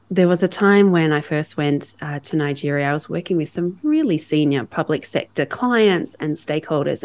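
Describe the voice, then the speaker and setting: An Australian woman, a podcast guest, telling lively stories of her work and acting out her own reactions. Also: deep voice. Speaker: guest, sales enablement leader. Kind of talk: storytelling in a podcast interview.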